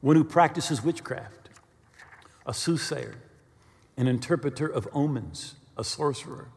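A male pastor preaching a sermon, telling stories with animated bursts of quick speech. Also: medium pitch, gravelly, long reverb tail, a little hiss or hum. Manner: animated storyteller, speeds up when excited.

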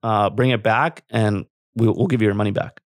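A man's voice: on the low side, moderate pace, dry recording, studio quality. A man casually ranting and telling a story as a podcast co-host, swearing freely and laughing often. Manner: profane, animated, laughs often.

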